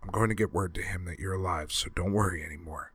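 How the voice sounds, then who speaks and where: A man's voice: low-pitched, fast, fairly bright tone, slightly rough. A man voicing a tough soldier who speaks firmly and reassuringly in an audiobook reading. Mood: hushed. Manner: firm and reassuring. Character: tough male soldier, calm and protective. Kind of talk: audiobook character voice.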